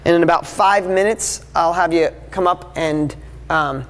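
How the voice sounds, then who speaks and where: A man's voice: a little high, unhurried, a bit bright. A man in his fifties giving a live motivational talk to an audience, speaking in an enthusiastic, emphatic and conversational way. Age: 50s. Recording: long hall reverb.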